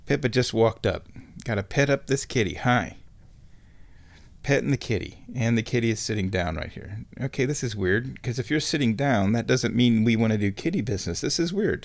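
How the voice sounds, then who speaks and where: A man's voice: mid-range voice, gravelly. A man rambling to the camera at home, wry and digressive, with frequent chuckles. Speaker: vlogger. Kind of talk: casual rambling monologue.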